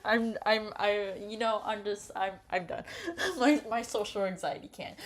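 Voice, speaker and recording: A woman playing through a story game, reading its narration softly and slowly. She keeps breaking into laughing, teasing outbursts at the characters before settling back into her quiet reading voice. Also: mid-range voice, animated. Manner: laughs often, rants in bursts, then reads softly. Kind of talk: casual gameplay commentary and reading.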